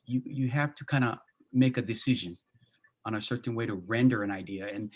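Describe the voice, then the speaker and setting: Husky-voiced man with a Hawaiian Pidgin accent. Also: medium pitch, fairly quick. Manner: easygoing, slips into Pidgin phrasing, many restarts. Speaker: pastor and Bible translator. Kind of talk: casual panel discussion.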